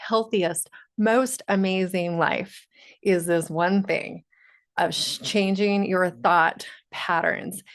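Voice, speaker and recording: A woman's voice: lowish voice, steady tone, slow. Encouraging woman coaching her viewers. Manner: earnest, encouraging, direct address to viewers. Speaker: empowerment coach. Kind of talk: motivational video monologue.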